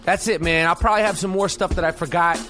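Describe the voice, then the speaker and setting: A man hosting a podcast, telling a rambling, profane, excited story full of restarts. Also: sits high, quick pace, faint music behind. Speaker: podcast host. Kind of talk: casual storytelling monologue.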